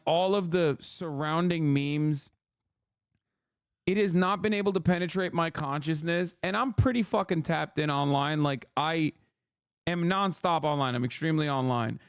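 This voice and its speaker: A man's voice: fairly high pitch, clean tone, no echo, clean studio sound. A man giving casual livestream commentary, ranting in disbelief with plenty of swearing and laughter. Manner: profane, incredulous ranting with frequent laughs.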